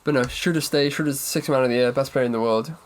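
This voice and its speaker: A man co-hosts a podcast of casual sports chat, talking fast in a mid-range voice. His delivery rambles, corrects itself, and takes on a mock-serious tone.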